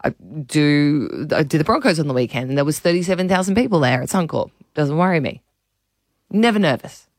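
A woman's voice: low-pitched, a little fast, hardly any pauses, dry recording, clean studio sound. A woman radio host chatting casually and animatedly, poking fun at herself. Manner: chatty, self-mocking, animated storytelling. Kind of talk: casual chat.

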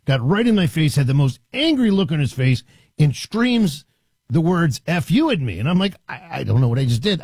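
Man in his fifties, husky voice, lively pitch, dry close sound, radio host giving career advice. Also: no echo. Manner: storytelling, animated, acts out quotes. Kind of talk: casual advice talk.

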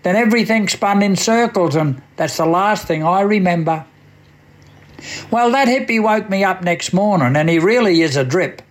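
A man with an Australian accent recites a comic bush poem in a high voice for radio. He tells it in a dry, drawling storyteller's way. His voice sits well above most men's. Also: lively intonation, moderate pace. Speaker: radio poet.

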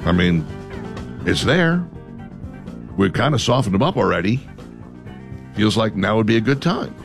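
Low-voiced joking male co-host. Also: very animated, normal speed, creaky, music in the background. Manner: joking, rambling, mock-pleading asides. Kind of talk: casual political chat.

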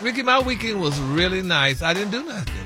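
A man's voice: sits high, very animated, music in the background. A man on a comic morning radio show, presenting a word of the week and spelling it out playfully. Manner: slow, careful spelling-out, playful and flamboyant.

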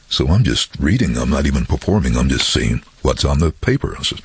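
A man who works as a voice-over artist, telling animated stories in an interview with a very deep, husky voice. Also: brisk, hardly any pauses, no echo. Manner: animated, acts out voices in anecdotes. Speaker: voice-over artist and former train driver. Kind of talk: interview storytelling.

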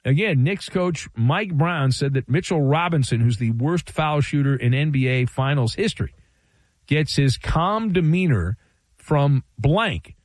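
A man's voice: a little high, lively intonation, a little slow, no echo. A man hosting a call-in sports talk radio show, delivering a playful, wry monologue full of rhetorical flourishes.

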